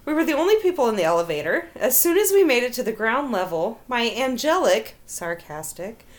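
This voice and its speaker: A woman's voice: on the high side, big pitch swings, brisk. A woman hosting a casual show, reading funny stories aloud and laughing often between them.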